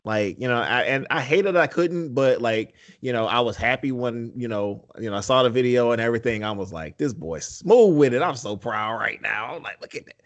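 A man's voice: medium pitch, brisk, hardly any pauses, a bit bright, muffled recording. A man hosting a casual podcast chat, laid-back and slangy, often laughing as he tells stories. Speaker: podcast host.

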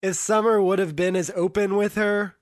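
Podcast co-host, middle pitch, dry close mic, chatty and joking. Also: steady tone, normal speed, no room sound. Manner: chatty, jokey, trails off mid-thought. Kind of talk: casual recap chat.

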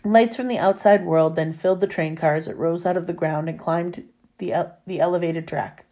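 Woman reading a novel aloud, lowish voice. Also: fairly even intonation, moderate pace, warm tone. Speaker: reader.

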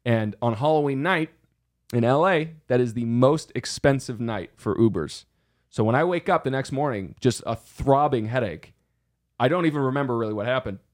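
A man's voice: medium pitch, moderate pace. A young man in his twenties, a podcast co-host telling a story casually, rambling and self-deprecating. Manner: rambling, self-deprecating, full of restarts and acted quotes.

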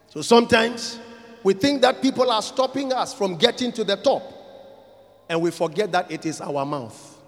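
Pastor, male, high and animated delivery, slow and deliberate, big dynamic swings from quiet to shouting, reverberant hall. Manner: dramatic swings from quiet to shouting, repeating lines for emphasis. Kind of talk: sermon.

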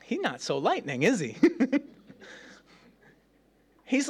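A man's voice: very high voice, huge pitch swings, slow, long pauses, slightly rough. A man preaching a sermon, telling a personal story with playful humor and frequent laughter. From United States. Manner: playful, laughs often, acts out voices.

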